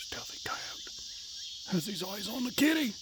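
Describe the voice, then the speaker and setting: A man's voice: high-pitched, sing-song, unhurried, very noisy, pitched above the performer's own voice. A man doing a whispered nature-documentary narrator. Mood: suspenseful. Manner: dramatic hushed suspense. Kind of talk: whispered role-play. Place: outdoors by a river.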